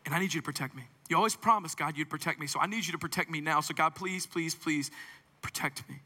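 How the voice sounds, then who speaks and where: A man's voice: a little high, fast, bright, forceful tone, pitched below the performer's own voice. A man doing a terrified man begging God. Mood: pleading. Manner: desperate, pleading, bargaining. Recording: long reverb in a large hall.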